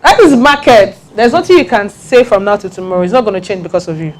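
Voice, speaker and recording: An emphatic woman speaks to a room of listeners in a lively talk. She presses her points home by saying them again and again, and she checks that the audience is following her. Her voice sits at an everyday middle pitch. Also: fast talker. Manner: emphatic, repeats key points, laughs and jokes with the audience. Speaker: speaker giving a talk on personal branding.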